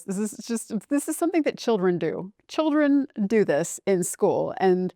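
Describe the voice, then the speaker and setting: A woman's voice: medium pitch, normal speed, darkish tone, no room sound, studio quality. A woman hosting a casual craft vlog, talking in a playful, self-mocking way. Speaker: channel host.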